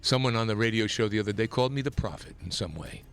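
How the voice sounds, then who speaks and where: A man hosting a talk radio show, delivering an impassioned, emphatic political monologue that climbs toward near-shouting. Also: on the low side, animated, fast talker, soft background music. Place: radio studio.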